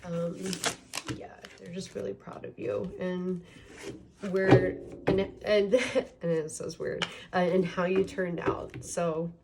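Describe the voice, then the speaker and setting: A woman with a fairly low voice gives a casual pick-a-card tarot reading. She rambles and fills gaps with ums and likes. The home recording carries clear background noise and the sound of cards being shuffled. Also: level tone, slow pace. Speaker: tarot reader.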